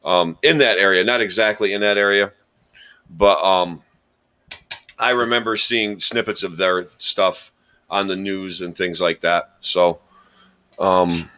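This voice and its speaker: Bright-voiced joking man host. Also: sits low, steady tone, measured pace, pauses often. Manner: rambling, jokey, self-deprecating storyteller. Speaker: podcast host and quiz contestant. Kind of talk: casual chat.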